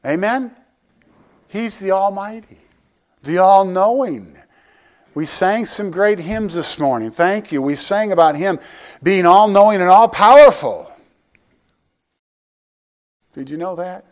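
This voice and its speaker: A man's voice: high-pitched, animated, takes it slowly, long pauses. An older man preaching a sermon to his church, conversational and joking, often asking the congregation direct questions. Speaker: pastor.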